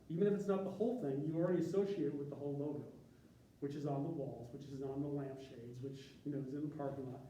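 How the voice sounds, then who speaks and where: A man's voice: a little high, mellow, a little hiss or hum. A man who works as a graphic designer, giving an informal presentation to a group in a conversational, rambling way with tangents and restarts. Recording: echoey room from a distance, faint ambience.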